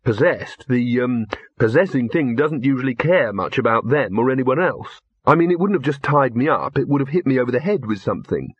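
A man's voice: medium pitch, animated, fairly quick, hardly any pauses, breathy edge, no room sound, lo-fi sound. A man voicing a nervous young man who talks hesitantly, with fillers.

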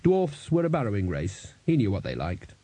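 A man narrating a fantasy novel in a wry, even storytelling manner. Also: on the low side, moderate pace, no echo. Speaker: audiobook narrator. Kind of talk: scripted narration.

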